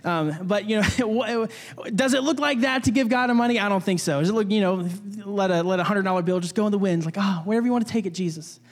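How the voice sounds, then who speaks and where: A young man with a fairly high voice preaches in a relaxed, chatty way, full of restarts and little jokes. His words ring out with a long reverb, as in a church hall. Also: fast. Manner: conversational, many restarts, jokey asides. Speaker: pastor. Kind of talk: casual sermon.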